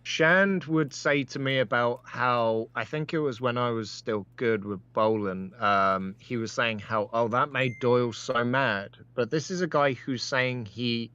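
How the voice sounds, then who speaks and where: A man co-hosting a podcast, talking haltingly and circling back over his points. His voice comes through dull and lo-fi. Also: medium pitch, pushed and bright, clear, resonant tone. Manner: halting, repeats phrases, restarts. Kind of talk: casual chat.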